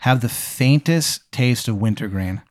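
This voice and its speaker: A man's voice: medium pitch, a little slow, no room sound, studio quality. Man narrating a playful improv bit. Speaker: host. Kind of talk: improv storytelling.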